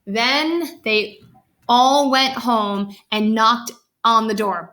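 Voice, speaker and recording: Bright-voiced woman reading a picture book. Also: on the high side, fairly even intonation, drawn-out words. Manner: chatty, reacting to the pictures. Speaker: children's book reader.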